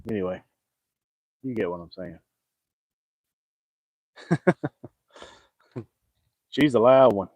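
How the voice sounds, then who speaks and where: A man's voice: fairly low pitch, lively intonation, extremely slow, long pauses, a little mellow, dry recording, rough recording. A middle-aged man, fishing outdoors and joking as he answers viewers in casual chat. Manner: folksy, joking, talks back to viewer comments. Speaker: fishing vlogger.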